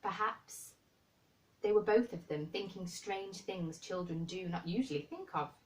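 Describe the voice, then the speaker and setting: A woman reading a children's novel aloud in a gentle storybook manner. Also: medium pitch, unhurried, far from the mic, rough recording.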